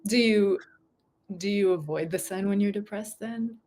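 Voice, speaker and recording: A middle-aged American woman in casual conversation as a guest author, chatty and quick to laugh, often breaking off and restarting. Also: medium pitch, a little mellow. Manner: chatty, laughing, self-interrupting.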